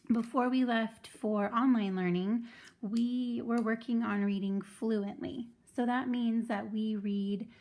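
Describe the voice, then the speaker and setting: A woman teaching first grade in an online video lesson, clear and patient as she explains step by step. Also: a little high, warm tone.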